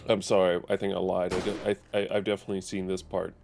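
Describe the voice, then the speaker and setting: A man's voice: low voice, little pitch movement, quick pace, gravelly, a little mellow, soft background music. A man streaming a game live, chatting casually and thinking aloud with plenty of fillers. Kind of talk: casual live gameplay commentary.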